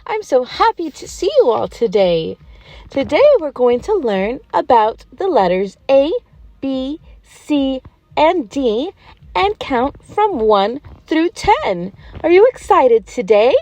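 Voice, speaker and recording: A gentle gazelle schoolteacher, played by a woman in a cartoon-style toy lesson, speaking slowly and sing-song with a high, lively lilt. She praises her small pupils warmly as she spells out words. Dry, close sound. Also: no echo, heavily acted. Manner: slow, sing-song and encouraging, praising often. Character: gentle, patient gazelle schoolteacher, adult female. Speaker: preschool teacher.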